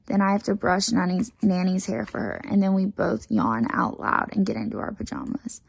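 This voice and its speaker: A woman reading a children's picture book aloud in a lively first-person storytelling manner, taking on a bossy child's chatter. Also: mid-range voice, normal speed, creaky, dry recording, low-quality recording.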